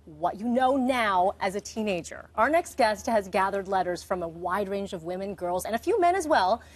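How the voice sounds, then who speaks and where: A woman's voice: medium pitch, animated, moderate pace. A woman hosting a morning TV show, introducing a guest in a reassuring way. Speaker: TV host. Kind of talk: morning TV interview.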